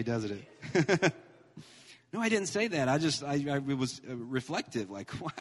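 A man in his thirties preaching a sermon as pastor, animated and emphatic, mixing humor with scripture. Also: mid-range voice, moderate pace. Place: church sanctuary. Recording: long hall reverb.

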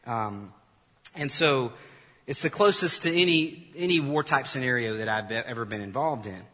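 A male pastor delivers an animated sermon in a bright, somewhat husky voice. His words ring out with a long reverb in a church hall. He draws the congregation in, asking them to repeat lines back to him. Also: mid-range voice, normal speed.

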